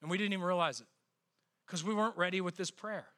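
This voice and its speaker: A middle-aged man preaching a sermon as pastor, conversational and personal, acting out quoted voices with sudden jumps in pitch. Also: fast talker, fairly bright tone.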